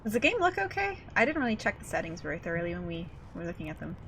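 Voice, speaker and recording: A woman's voice: lowish voice, big pitch swings, very fast, fairly bright tone, a little hiss or hum. A young woman streaming a game from home, chatting casually, giggling and swearing freely as she plays. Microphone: desk mic.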